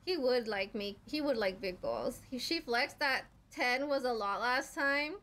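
A young woman streaming a game live, chatting with viewers, swearing and shouting at enemies. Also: fairly high pitch, unhurried. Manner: excitable, swears and screams at enemies. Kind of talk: live gameplay commentary.

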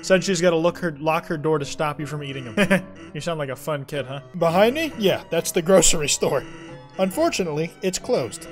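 A man's voice: fairly high pitch, lively intonation, brisk, faint music behind, close to an everyday voice. A man voicing a laid-back adult male skeleton with a lazy, joking drawl. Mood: easygoing.

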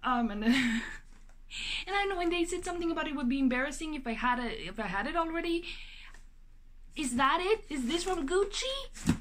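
Chatty high-voiced young woman unboxing. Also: normal speed, pauses often. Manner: chatty and excitable, gasping and exclaiming, many fillers. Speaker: vlogger. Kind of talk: casual unboxing vlog. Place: her apartment.

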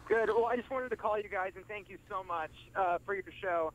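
A man's voice: high-pitched, brisk, fairly bright tone, slight background noise, poor audio. A man in his twenties calling in to a radio show, eager, grateful and upbeat. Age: 20s. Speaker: caller. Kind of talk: phone-in call.

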